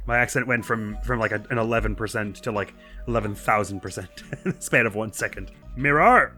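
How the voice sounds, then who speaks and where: A man's voice: on the low side, steady tone, brisk, bright, forceful tone, faint music behind. A young man talking through a video game in casual commentary, chatty and self-deprecating, laughing often at himself. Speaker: let's play host.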